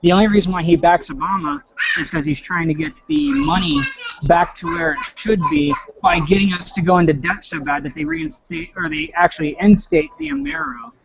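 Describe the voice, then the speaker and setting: A man talking casually on a group call, animated and rambling. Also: high voice, a little fast, gravelly, muffled recording, background noise. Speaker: caller in a group voice chat. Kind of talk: casual conspiracy talk.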